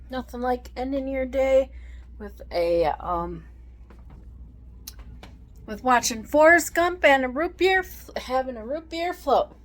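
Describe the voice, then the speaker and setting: A woman's voice: sits high, slow, pauses often. A woman vlogger chatting casually and rambling through a film's plot, full of fillers and restarts, acting out the characters' lines. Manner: rambling, many fillers and restarts, acts out quotes. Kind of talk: casual chat recapping a film.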